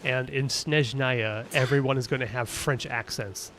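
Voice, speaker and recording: A man streaming a video game, chatting casually, rambling and thinking out loud as he answers his chat. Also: mid-range voice, steady tone, a little slow, noisy background. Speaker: gaming streamer. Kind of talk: casual gaming commentary.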